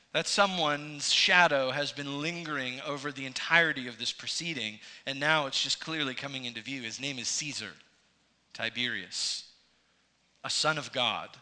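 A man preaching an expository sermon, his voice rising to emphatic peaks and dropping low. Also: measured pace, sharp tone. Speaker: pastor.

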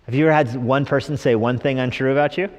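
Middle-aged guy pastor giving a sermon, jokey and lively, does little mock voices, echoey church hall. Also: medium pitch, fast. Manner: humorous, animated preaching with mock voices. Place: church sanctuary.

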